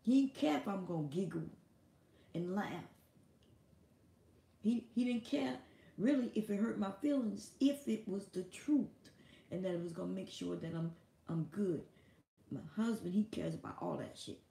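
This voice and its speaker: A woman's voice: mid-range voice, expressive, normal speed, creaky, pauses often, dark tone, echoey room. A woman hosting a live stream, talking in a casual, blunt and profane monologue.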